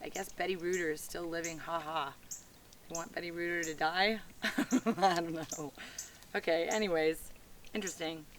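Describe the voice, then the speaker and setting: A woman's voice: fairly low pitch, fairly bright tone, a little hiss or hum. A chatty woman, talking casually in a home vlog. She giggles often and breaks off to talk to her pets. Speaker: vlogger. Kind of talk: casual chat reading old postcards aloud.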